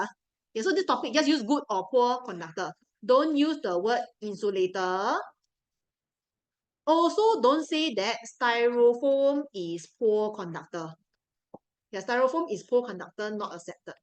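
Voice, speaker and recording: A woman's voice: fairly high pitch, poor audio. A young woman with a Singaporean English accent teaching a live science revision class, chatty and repeating key points to coax her students along. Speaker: science tutor.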